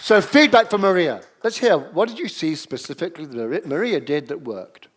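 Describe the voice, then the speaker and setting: A man's voice: on the high side, fairly quick, a faint crowd, a little hiss or hum. Male seminar leader, raised voice that swings up and down, coaxes the room, audience murmur behind. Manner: energetic, coaxing, calls out to the audience. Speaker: workshop leader. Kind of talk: leading an improvisation exercise.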